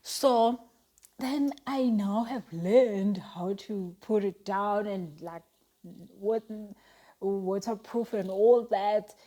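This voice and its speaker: Woman, life coach, mellow tone, earnest and chatty, motivational talk, restarts often. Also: medium pitch, extremely slow.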